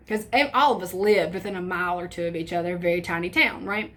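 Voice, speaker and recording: A young woman telling a storytime tale in casual, profane, animated chat, acting out her friends' lines. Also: lowish voice, fast talker, hardly any pauses. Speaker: storytime vlogger.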